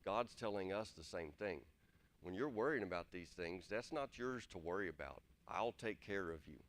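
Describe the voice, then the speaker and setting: A man's voice: low voice, animated, moderate pace, a bit bright. A man giving an earnest, plain-spoken sermon and repeating his points to drive them home. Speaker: preacher. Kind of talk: conversational sermon.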